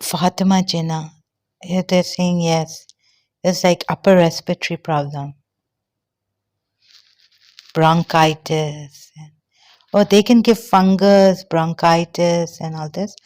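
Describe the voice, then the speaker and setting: A woman giving an earnest personal monologue, short of breath, halting and often trailing off softly. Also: on the low side, steady tone. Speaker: vlogger.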